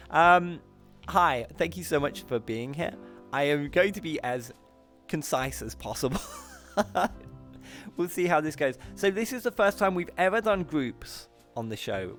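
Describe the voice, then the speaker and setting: Bubbly, giggly and affectionate, this British host of a VR talk show livestream warmly greets his chat and keeps teasing himself. His voice is medium-pitched and fairly bright.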